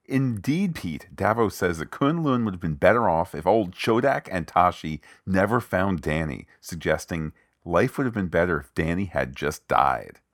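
A man's voice: deep voice, lively intonation, moderate pace, few pauses, dry recording, clean studio sound. A man co-hosting a podcast, recapping an episode in a wry, digressive way and retelling scenes with quoted lines. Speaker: podcast co-host.

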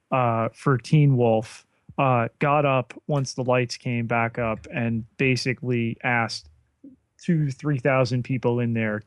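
A man's voice: medium pitch, no echo. A man co-hosting a podcast in casual chat, with dry, sarcastic remarks and frequent "uh" and "you know". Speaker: podcast co-host.

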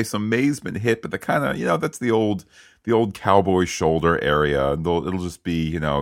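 A man co-hosting a podcast, recapping a TV episode in casual, animated chat with frequent restarts and asides. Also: rumbling low, dry recording, clean studio sound. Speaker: podcast co-host.

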